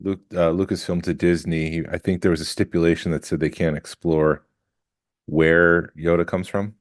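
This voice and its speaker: A man's voice: low voice, level tone, normal speed, no room sound. A man co-hosting a podcast, chatting casually in a dry, matter-of-fact way. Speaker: podcast co-host. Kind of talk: casual chat.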